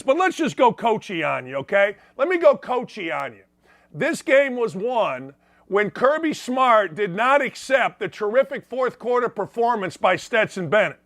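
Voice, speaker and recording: A brash, mocking sports talk host with a fairly high voice, pushing his opinions hard at his viewers. The mic is close and dry, with no room sound at all. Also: a bit bright, no room sound.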